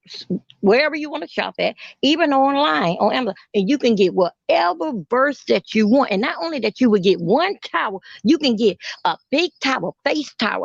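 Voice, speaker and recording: A woman's voice: a little high, gravelly, dull audio. A woman in casual group-call chat, lecturing and ranting with plenty of profanity.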